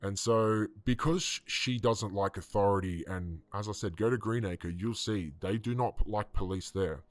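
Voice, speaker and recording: A man's voice: on the low side, moderate pace, no echo. A man giving casual, indignant commentary on a video clip, rambling with fillers and restarts. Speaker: online commentator.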